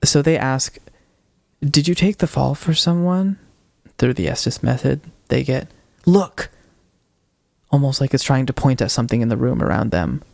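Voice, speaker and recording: A young man on a podcast, retelling a ghost-hunting video with animated quoted voices in casual storytelling. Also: mid-range voice, moderate pace, vocal fry, dry recording. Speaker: podcast co-host.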